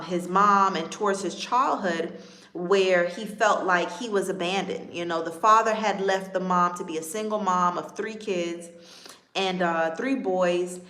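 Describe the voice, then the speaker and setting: A woman's voice: lowish voice, bright, forceful tone, roomy sound. A woman relationship coach talking on a live stream, earnest and emphatic, repeating her key points and checking in with "right?". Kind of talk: live-stream talk to viewers.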